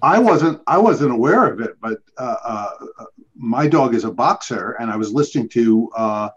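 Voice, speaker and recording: Lively chatty man hosting over a call. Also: mid-range voice, normal speed, slightly rough, dull audio. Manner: chatty, playful, sings snatches. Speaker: trivia show host. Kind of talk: casual chat over video call.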